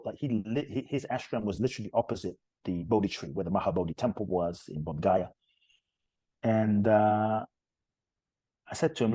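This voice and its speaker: A man with a very low, husky voice tells a story earnestly and with emphasis. He speaks as a guest on an interview podcast, and the sound is dry and close. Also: moderate pace, long pauses, mellow, dry recording. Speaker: podcast guest, author and retreat leader.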